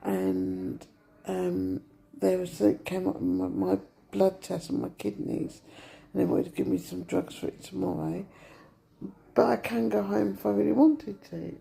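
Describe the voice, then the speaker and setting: Tired middle-aged woman, gravelly and dark-toned, venting to camera from a hospital bed. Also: fairly low pitch, animated, moderate pace. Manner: upset, venting, retells dialogue. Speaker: vlogger. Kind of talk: casual vlog rant. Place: hospital room.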